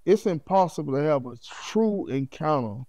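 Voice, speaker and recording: A middle-aged man speaks as a podcast guest, his voice pitched a touch high yet warm and dark in tone. He tells his story in an animated, heartfelt way and keeps checking in with "you know what I mean." The sound is dry, with no room around it. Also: normal speed, no room sound.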